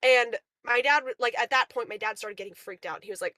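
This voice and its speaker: A woman recounts events on a stream with lively, animated energy and lots of fillers. Her voice sits high and bright, and the sound is close and dry. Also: fast talker, few pauses, no echo. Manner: animated, filler-heavy retelling. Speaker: guest on a livestream. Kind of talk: casual storytelling.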